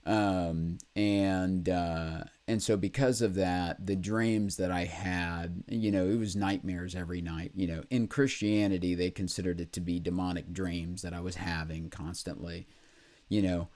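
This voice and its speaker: Male vlogger, very deep voice, confessional monologue, halting delivery full of pauses and fillers, blunt and profane. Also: fairly even intonation, a little mellow. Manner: candid and blunt, with swearing. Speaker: vlog host.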